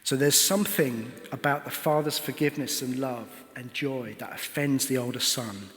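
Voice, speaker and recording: Man, preacher, sermon, middle pitch, rhetorical questions, long church reverb. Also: normal speed, fairly bright tone. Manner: earnest storytelling, poses rhetorical questions.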